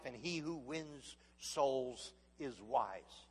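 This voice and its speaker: A man's voice: mid-range voice, measured pace, vocal fry, breathy edge. A male pastor delivering a sermon, calling out to the congregation and building to emphatic, rising peaks. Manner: call-and-response preaching with rising emphatic builds. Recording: long echo of a large hall.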